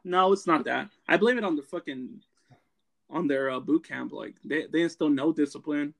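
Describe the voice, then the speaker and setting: A man's voice: fairly high pitch, moderate pace, vocal fry. A man from California, a former Marine, ranting bluntly in casual chat with heavy profanity.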